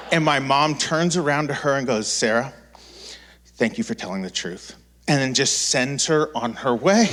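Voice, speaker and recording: A man in his thirties preaching in a church, telling a childhood story with lively acted-out voices and frequent restarts. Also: mid-range voice, a little slow, pauses often, slight background noise. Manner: animated, acts out quoted voices, many restarts. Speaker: pastor. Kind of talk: storytelling sermon.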